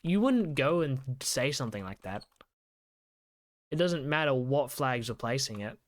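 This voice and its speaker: A man's voice: mid-range voice, lively intonation, a little slow. A young man co-hosting a casual chat while gaming, rambling with many fillers. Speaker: podcast co-host.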